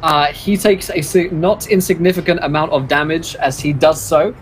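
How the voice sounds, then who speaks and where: A man's voice: a little high, fairly even intonation, moderate pace, soft background music. A man narrating a tabletop game as game master, casual with many fillers.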